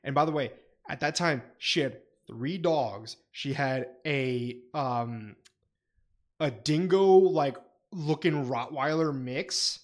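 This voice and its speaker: Male co-host, a bit higher-pitched, cussing storyteller, loose chatty delivery. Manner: profane, animated storyteller. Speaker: podcast co-host. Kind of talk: casual chat.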